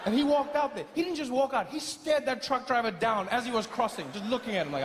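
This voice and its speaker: A man doing stand-up comedy on a live stage, telling an animated story and acting out the voices of other people. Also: extremely high pitch, quick pace, hardly any pauses, long reverb tail, background noise.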